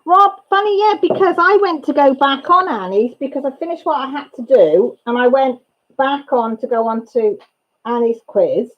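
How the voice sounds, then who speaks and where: This livestream host is a woman with a high-pitched voice, heard through lo-fi sound. She keeps up a casual, gossipy chat with her live viewers and laughs a lot.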